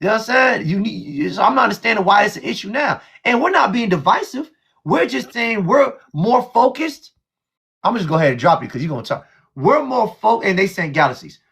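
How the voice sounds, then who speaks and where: A man's voice: high voice, creaky, fairly bright tone, slightly rough. A man hosting a heated live discussion, blunt and emphatic. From United States.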